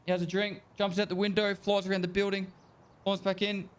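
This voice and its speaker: A man's voice: sits high, little pitch movement, a little fast, smooth. A man casually telling a joke to friends during a game, full of fillers. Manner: loose, filler-heavy storytelling.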